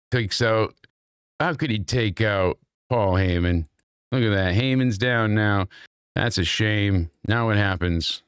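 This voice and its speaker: Excitable man with a low voice. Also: slow, smooth, dry recording, studio quality. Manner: excitable, swears loudly, jumps high in pitch when worked up. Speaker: podcast host. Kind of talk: casual chat while watching clips.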